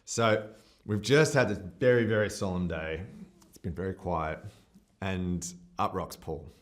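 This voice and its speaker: A very deep-voiced Australian man speaks in a festival interview about his film. He gushes and rambles, often stopping to restart a thought. His tone is openly emotional and self-deprecating. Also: measured pace. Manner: effusive, rambling, with frequent fillers and restarts. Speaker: film director.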